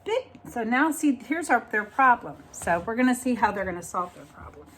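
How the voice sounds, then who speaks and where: A woman reading a picture book aloud like a teacher, expressive and pausing to explain the story. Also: on the high side.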